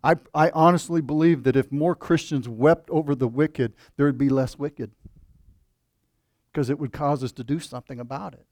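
A man's voice: medium pitch, fairly even intonation, normal speed, a little mellow, dry recording, studio quality. A man preaching a sermon in a conversational way, with asides and rhetorical questions to the congregation. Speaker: pastor.

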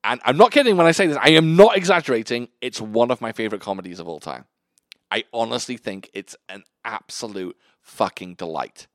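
A man co-hosting a casual podcast chat about films, animated and swearing freely, laughing easily. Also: medium pitch, fairly quick, dry recording, studio quality. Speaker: podcast co-host.

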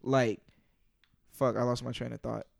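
A man's voice: mid-range voice, level tone, creaky. A man co-hosting a casual chat, telling stories with plenty of swearing. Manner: profane, quick to laugh, storytelling. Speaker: podcast co-host.

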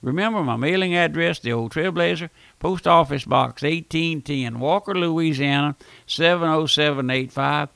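An older man delivers a radio sermon, pleading and urgent as he calls on listeners. His voice is gravelly and sits a little high. The recording is dry and close, with no room sound. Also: normal speed, few pauses, a bit bright, no room sound. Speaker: radio preacher.

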